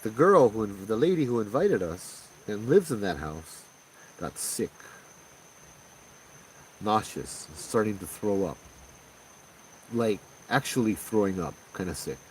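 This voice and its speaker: A man with a Hawaiian accent casually retelling a paranormal experience in a conversational, animated way, acting out the quoted voices. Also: lowish voice, measured pace, long pauses. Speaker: paranormal storyteller. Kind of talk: casual spoken ghost story. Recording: distant mic with faint background noise.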